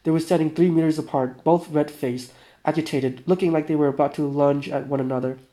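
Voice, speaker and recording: A man's voice: a little high, fairly even intonation, brisk, warm tone. A man playing a survival game, reading its story text aloud with casual asides and frequent self-corrections. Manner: casual, stumbling over words and self-correcting. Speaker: gaming YouTuber.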